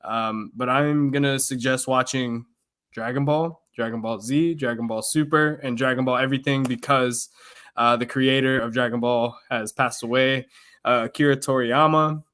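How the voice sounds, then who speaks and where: Chill young dude cohosting, easygoing, keeps saying man, average pitch. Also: steady tone, moderate pace, fairly bright tone, smooth. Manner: laid-back, laughs often, says "man" a lot. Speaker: podcast co-host. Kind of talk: casual chat.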